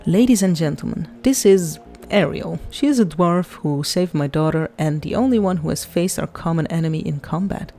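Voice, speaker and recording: Cold, formal wealthy patriarch, read by a woman; mellow, commanding delivery. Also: deep voice. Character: cold, stern wealthy older man.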